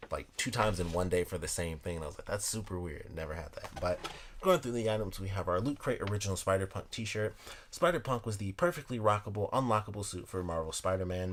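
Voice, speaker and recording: A man's voice: low voice, fairly bright tone, a little hiss or hum. A young man casually chatting through an unboxing, reading product blurbs aloud between rambling asides. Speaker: unboxing video host.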